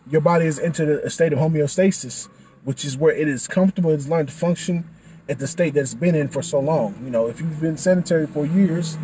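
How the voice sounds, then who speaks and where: A man's voice: fairly high pitch, a little hiss or hum, poor audio. Winded man in casual vlog chat. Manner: animated, slangy, trailing restarts. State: winded after boxing class. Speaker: vlogger.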